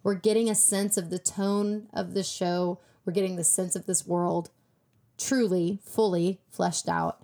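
A woman co-hosting a casual TV recap chat, animated and acting out quoted lines. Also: fairly low pitch, unhurried. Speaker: podcast co-host.

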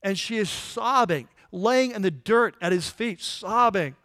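A male pastor preaching a conversational sermon, asking the congregation rhetorical questions and dropping to a soft, low voice in tender moments. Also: lively intonation, unhurried, no echo, studio quality.

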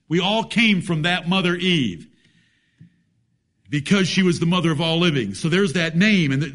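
A man preaching a sermon, emphatic, with rhetorical questions and folksy jokes. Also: high-pitched.

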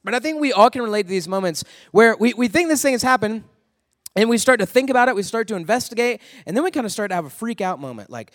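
A man's voice: sits high, expressive, fast talker, in a large hall. A man in his thirties giving a conversational youth sermon, telling stories and asking his listeners questions. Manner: conversational, storytelling, asks the crowd questions. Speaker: youth pastor. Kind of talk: sermon to students.

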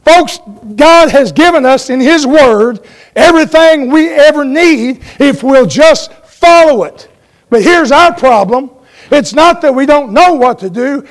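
A man's voice: very high voice, expressive, unhurried. A man preaching a sermon in a folksy way, telling stories and asking his congregation for an amen.

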